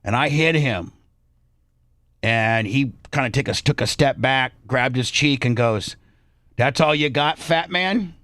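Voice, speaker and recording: A man's voice: medium pitch, a little slow, fairly bright tone, dry recording. A male radio host telling a story in a brash, profane way, acting out both sides of an argument. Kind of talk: casual storytelling on talk radio.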